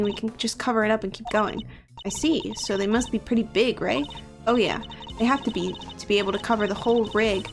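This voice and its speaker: A woman streamer reading video game dialogue aloud, playful and chatty. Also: a little high. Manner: playful, laughs at own voicing. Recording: faint game music behind.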